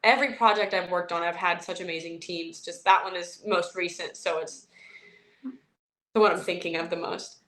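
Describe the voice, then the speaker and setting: Young woman actress, casual interview guest, chatty and animated, plenty of um and like. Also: fairly low pitch, moderate pace. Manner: chatty, animated storytelling with many fillers.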